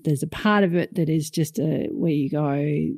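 A middle-aged woman, a podcast co-host telling a story in casual chat, animated and rising in pitch when moved. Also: normal speed, dry recording.

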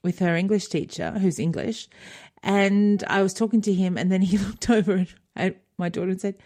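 A middle-aged woman co-hosts a podcast in casual chat, with a medium-pitched, dark voice, a steady tone and a moderate pace. She laughs often and retells conversations.

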